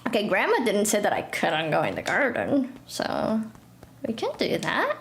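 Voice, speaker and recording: A woman's voice: medium pitch, huge pitch swings, moderate pace, vocal fry. A young woman, chatting and giggling through a game stream. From Portugal. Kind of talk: live game stream commentary. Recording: echoey room with faint noise.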